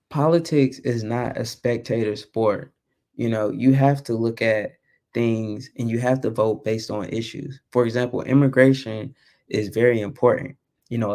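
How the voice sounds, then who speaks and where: A young man hosting a live stream, talking casually and with animation, rambling and at times losing his train of thought. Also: darkish tone. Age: young adult. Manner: lowers his voice so as not to wake the kids. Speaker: vlog host.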